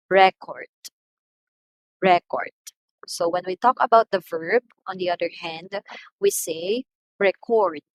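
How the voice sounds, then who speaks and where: A woman with a Filipino accent teaching English pronunciation, slowly repeating each example word so it can be drilled. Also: fairly low pitch, no echo, low-quality recording. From Philippines. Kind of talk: online lesson on English pronunciation.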